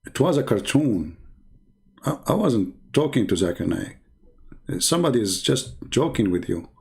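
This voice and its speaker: A man hosting an online debate show in a sarcastic, halting monologue. His pitch sits in a middling range, and he peppers his mocking remarks with "you know" and "like". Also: big pitch swings. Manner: mocking, halting, full of fillers.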